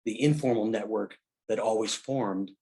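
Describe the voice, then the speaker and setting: Low-voiced middle-aged man telling war stories. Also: warm tone. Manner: halting, full of fillers and restarts; rambling anecdotal storyteller. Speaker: military veteran guest. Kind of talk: casual conversation.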